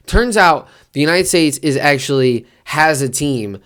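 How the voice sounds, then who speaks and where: A man vlogging about sports in a casual, rambling way, his voice jumping high when he gets worked up. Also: a little fast, hardly any pauses, fairly bright tone. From Detroit area.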